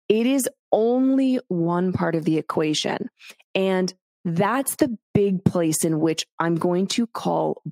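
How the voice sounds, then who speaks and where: A woman's voice: lowish voice, a little mellow, dry recording, clean studio sound. A woman hosting a solo podcast, talking bluntly and candidly to the listener with casual swearing. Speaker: podcast host.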